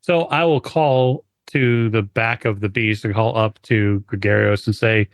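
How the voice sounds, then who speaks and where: A man playing a tabletop game, thinking out loud and weighing his options. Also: lowish voice, steady tone, a little slow, dry recording, studio quality. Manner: thoughtful, weighing options aloud. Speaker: player.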